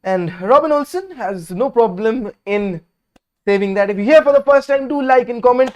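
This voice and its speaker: A man with a high voice hosts a live stream where he watches football alongside viewers, talking at an ordinary pace. His commentary is loose, chatty and opinionated, moving from spirited reactions to the action into soft, sleepy asides.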